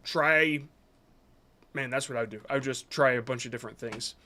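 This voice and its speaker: A man's voice: mid-range voice, brisk, sharp tone. A man reviewing viewers' short videos on a live stream, talking casually and rambling a bit as he gives frank advice.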